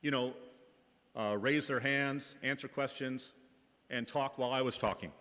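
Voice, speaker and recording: A school principal from the Bay Area tells wry anecdotes with light comic timing, in a mid-pitched voice. His voice rings through a reverberant church hall. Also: steady tone, measured pace, bright, forceful tone. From Bay Area, California. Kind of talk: humorous storytelling reflection in church.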